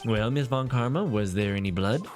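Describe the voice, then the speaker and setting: A man voicing a flustered elderly male judge with a slow, hesitant, ponderous delivery. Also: medium pitch, expressive, a little mellow, faint music behind, voice pushed down, close to an everyday voice.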